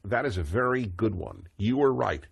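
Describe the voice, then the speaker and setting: A man's voice: fairly low pitch, lively intonation, normal speed, vocal fry, breathy edge, dry recording. A man, hosting a call-in radio talk show, expansive and opinionated, chuckling now and then.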